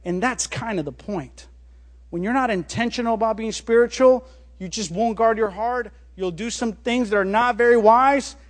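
High-voiced man preaching a sermon. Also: normal speed. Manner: animated storytelling, dropping low and quiet on key words. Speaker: pastor.

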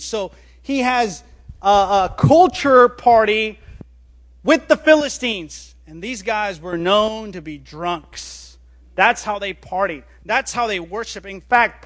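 High-voiced man preaching a sermon. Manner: animated storytelling, dropping low and quiet on key words. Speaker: pastor.

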